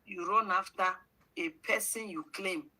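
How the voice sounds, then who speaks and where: Bright-voiced Nigerian woman scolding on a livestream. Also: mid-range voice, unhurried, rough recording. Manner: scolding, rhetorical questions, mixes in pidgin. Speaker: livestream host. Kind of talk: livestream commentary.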